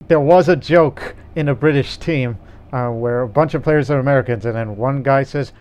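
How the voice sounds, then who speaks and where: A man chats casually on a gaming podcast, his voice smooth and clean. He rambles in an easygoing way, restarting sentences as he goes, mid-pitched and relaxed. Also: moderate pace. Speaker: podcast co-host.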